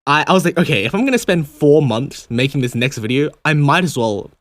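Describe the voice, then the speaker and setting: A young Australian man talks loosely, his accent blending in American and British bits and English being his second language. His pitch jumps around a lot as he laughs and restarts his sentences. The recording is close and dry. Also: expressive, brisk, fairly bright tone, dry recording. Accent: Australian, mixed with American and British. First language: not English. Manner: laughing, chatty, many restarts. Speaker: YouTuber and guest. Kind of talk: casual podcast chat.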